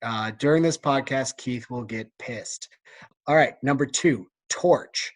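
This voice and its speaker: A man with an American accent, co-hosting a casual book podcast and quizzing his friend in a relaxed, chatty way. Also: medium pitch, unhurried. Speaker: podcast co-host. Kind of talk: casual chat.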